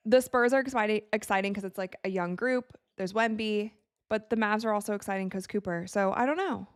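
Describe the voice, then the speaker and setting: A young woman from Wisconsin hosting a live game watch party, chatting casually and reacting excitedly to plays as she talks. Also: mid-range voice, fairly quick, clean tone, no room sound, studio quality. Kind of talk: live casual commentary to chat.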